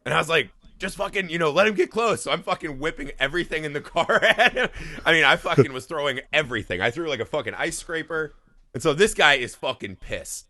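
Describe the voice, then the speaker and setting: Bright-voiced man telling a wild story. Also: on the high side, fast talker, no echo. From Indiana. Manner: animated storytelling, heavy swearing, laughing. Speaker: podcast co-host. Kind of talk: casual chat.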